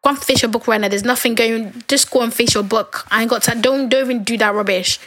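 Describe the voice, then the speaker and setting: A young adult woman hosting a podcast alone, talking in a candid, rambling, chatty way, her voice a little hoarse from talking so long. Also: a little high, steady tone, fast talker, fairly bright tone. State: losing her voice, a bit hoarse. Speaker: podcast host. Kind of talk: casual podcast monologue.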